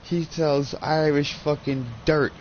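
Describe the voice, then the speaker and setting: A man's voice: fairly high pitch, little pitch movement, takes it slowly, lo-fi sound, slight background noise. A man in his thirties chatting casually while gaming, a profane, rambling storyteller on a headset. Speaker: gaming channel host.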